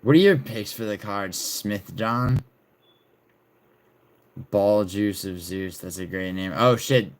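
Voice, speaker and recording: Deep-voiced, profane male streamer. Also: slow, long pauses. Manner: loose, profane, bantering. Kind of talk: casual livestream chat reading viewers' messages.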